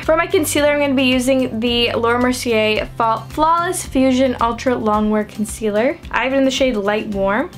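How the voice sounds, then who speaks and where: A young adult woman chatting through a makeup routine, self-deprecating and filling her talk with "like". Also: a little high. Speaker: beauty vlogger. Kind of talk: casual makeup tutorial chat.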